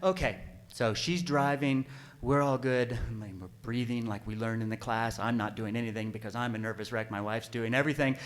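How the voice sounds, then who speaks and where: A man telling a personal story live on stage at a story slam, animated and self-deprecating, now and then bursting into panicked yelps. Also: mid-range voice, brisk. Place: stage at an arts center.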